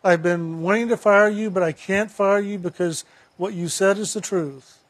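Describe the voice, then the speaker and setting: A man's voice: high voice, normal speed, no echo, natural voice. A man voicing his former boss, a demanding business owner who is proud and frustrated, speaking in blunt, exasperated questions.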